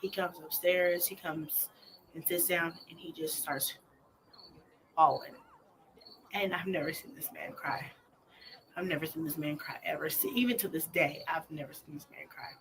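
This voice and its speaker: A woman's voice: low-pitched, fairly even intonation, moderate pace, a bit bright. Blunt, profane young mother telling her story. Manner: blunt and profane, emotional, drops to near-whispers. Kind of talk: candid personal storytelling. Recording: noisy clip played in a reaction video.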